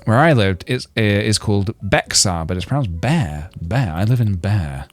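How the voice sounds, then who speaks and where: A man chatting on a game stream, wandering from joke to joke as he reads out his chat. His pitch rises and falls a lot. Soft game music plays faintly underneath. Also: lively intonation, normal speed. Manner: rambling, joking asides, reading chat. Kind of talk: casual gaming stream chat.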